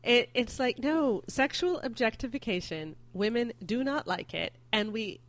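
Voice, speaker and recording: A woman's voice: on the high side, animated, measured pace. A woman hosting a casual discussion podcast, earnestly reading listener comments aloud and responding to them. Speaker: host.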